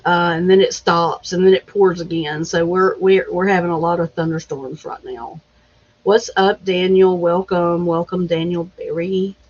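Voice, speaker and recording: A woman's voice: on the low side, fairly even intonation, moderate pace. A woman hosting a casual live chat, greeting viewers by name and laughing easily. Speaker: livestream host. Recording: dull lo-fi stream audio.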